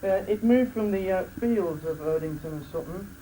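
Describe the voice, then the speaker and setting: In a wedding reception room full of loud crowd noise, a man with a high-pitched voice gives a joking best man speech at normal speed. He laughs between lines and keeps restarting his sentences, and the live recording is low quality.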